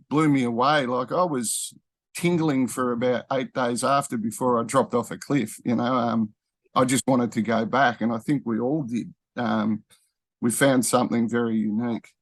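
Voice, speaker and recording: A man's voice: medium pitch, fairly even intonation, normal speed, dry recording. A man, talking casually in a rambling way, full of fillers and restarts. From Australia. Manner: rambling, with frequent fillers and self-corrections. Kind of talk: casual conversational talk.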